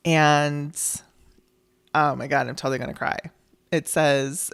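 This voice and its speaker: A middle-aged woman tells a personal story on her podcast, chatty and close to tears, laughing now and then. Her voice is smooth and clear, recorded dry with no room sound. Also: deep voice, steady tone, takes it slowly, pauses often, fairly bright tone, no echo. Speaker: podcast host.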